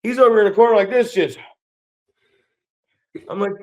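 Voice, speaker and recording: A man's voice: high voice, normal speed, a little mellow. A middle-aged man who co-hosts a wrestling podcast, ranting bluntly with plenty of swearing. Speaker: podcast co-host and pro wrestler. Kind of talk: casual podcast chat.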